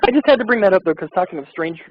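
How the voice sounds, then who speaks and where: A male co-host with a somewhat high voice fires off skeptical wisecracks at a fast clip. The sound is narrow and phone-like. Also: animated, crowd noise. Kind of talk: casual chat.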